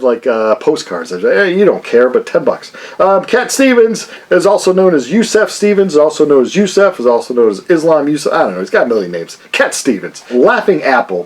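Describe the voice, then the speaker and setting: A man hosting his own record-collecting channel, chatting casually and jokingly about a haul of CDs and vinyl, with lots of fillers. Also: on the high side. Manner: rambling and jokey, many fillers.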